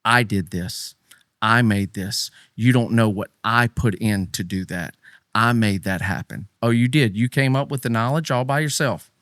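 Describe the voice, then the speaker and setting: A middle-aged man co-hosting a faith podcast in casual talk, swinging between loud, high emphatic bursts and low, quiet asides. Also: moderate pace, dry recording, clean studio sound. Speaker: podcast co-host.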